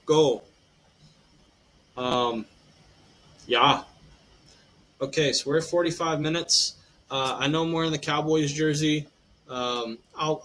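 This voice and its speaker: A man hosting a casual sports podcast, with a mid-pitched voice and a loose, rambling delivery. He fills his talk with ums and uhs and often ends lines with "eh". A faint ambient hiss sits under the recording. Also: fairly bright tone, poor audio. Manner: rambling, filler-heavy, says "eh".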